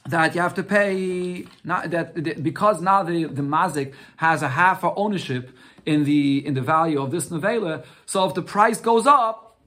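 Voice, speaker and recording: Brief: male Talmud teacher, fairly high voice, patient step-by-step explainer, answers his own questions. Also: normal speed, sharp tone. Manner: explains step by step, mixing Aramaic phrases with English; rhetorical questions answered himself. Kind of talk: Talmud lesson.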